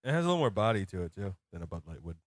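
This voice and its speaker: A man's voice: low voice, sing-song, racing, no echo, clean studio sound. A man co-hosting a casual beer-tasting podcast, rambling and filling his talk with "uh" and "like". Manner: rambling, full of fillers. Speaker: podcast co-host.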